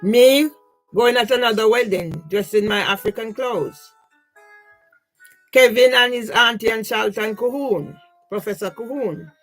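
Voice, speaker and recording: Older woman slowly narrating her photos. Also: fairly high pitch, soft background music, rough recording. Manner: rambling, repeatedly asks "yeah?"; grieving, aggrieved. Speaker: vlogger. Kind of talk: casual talk over personal photos.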